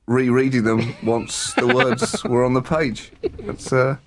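A man's voice: mid-range voice, very animated, slow, creaky, noisy background. Hesitant man in casual chat. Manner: rambling, hesitant, many fillers. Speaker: podcast co-host.

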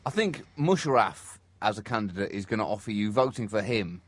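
A man's voice: fairly low pitch, expressive, brisk, noisy background. A man co-hosting a comedy podcast, riffing with wry, mock-indignant satire.

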